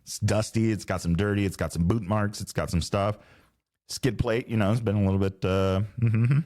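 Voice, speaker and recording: A man's voice: fairly low pitch, steady tone, moderate pace, a little mellow. A middle-aged man from Southern California hosting a casual solo podcast, rambling and correcting himself, with laid-back slang. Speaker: podcast host. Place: home podcast studio.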